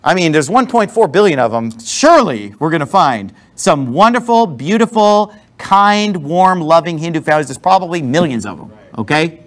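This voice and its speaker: A man's voice: a little high, very animated, normal speed, hardly any pauses. A man preaching a sermon as a pastor in a church, blunt and emphatic, with sarcastic asides. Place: church with a responding congregation.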